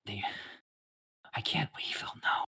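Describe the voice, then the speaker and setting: A man voicing a terrified, trembling hermit who whispers frantically and hoarsely. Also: slow, bright, forceful tone, no echo. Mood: frightened whisper.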